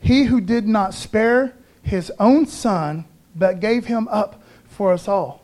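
A pastor preaches with fervent emphasis, rousing his congregation and slipping into casual, chatty asides. His voice sits high for a man. The delivery swings from loud calls to quiet, confiding lines. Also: slow pace. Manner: conversational, peppers speech with "man". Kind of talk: Easter sermon.

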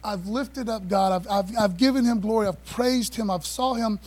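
Guy preaching a sermon, kinda high voice, lots of call and response to the church. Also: normal speed, rough recording. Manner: animated call-and-response preaching, repeats phrases. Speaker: pastor.

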